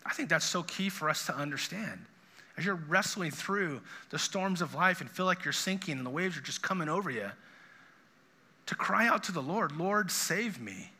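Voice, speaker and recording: A man's voice: fairly high pitch, moderate pace, pushed and bright, breathy edge. A middle-aged man, a pastor, preaching a sermon in an earnest, conversational way with frequent restarts.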